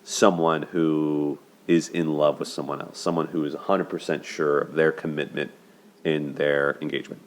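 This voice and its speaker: A man's voice: very deep voice, flat delivery, normal speed. A man hosting a show, casually breaking down a movie's romance in a chatty way, often checking in with "right?" and laughing. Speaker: host of a dating and movie commentary show.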